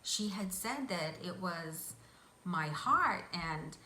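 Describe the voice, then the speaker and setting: A woman guest vividly recounting a hypnosis vision in an interview, excitable as she tells it. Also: lowish voice, slow pace. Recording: echoey room, faint hiss.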